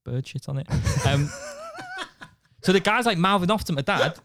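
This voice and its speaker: A man's voice: fairly high pitch, expressive, normal speed, fairly bright tone, dry recording, clean studio sound. A man, a podcast co-host telling long funny anecdotes in casual chat, swearing freely. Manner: storytelling anecdotes with swearing and laughs.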